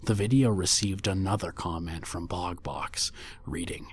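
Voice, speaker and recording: A man reading a scripted creepypasta horror story in a hushed voice that often drops to a near whisper. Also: sits low, a little slow. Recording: faint music bed under voice.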